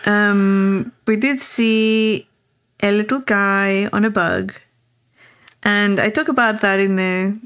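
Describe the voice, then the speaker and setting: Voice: medium pitch, steady tone, slow pace, a bit bright, clear, resonant tone. A podcast co-host in casual conversation, mostly listening and backing up the other speaker with short affirmations. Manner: supportive listener, frequent affirmations.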